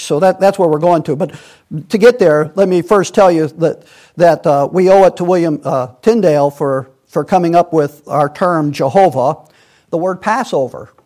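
A man's voice: high voice, a little mellow. A man leading a Bible study, rambling and digressive, with many restarts and fillers. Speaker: Bible teacher.

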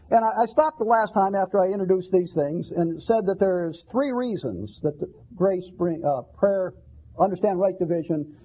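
A man's voice: sits high, slightly rough. A man preaching a sermon, earnest and conversational, often repeating words and asking rhetorical questions. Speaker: pastor. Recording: dull lo-fi sermon recording.

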